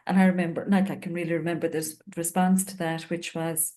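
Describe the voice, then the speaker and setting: An Irish woman with a low voice tells a story from her work as a home visitor. She speaks earnestly and reflectively, pausing on fillers as she goes. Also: flat delivery, dark tone. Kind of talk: panel discussion storytelling.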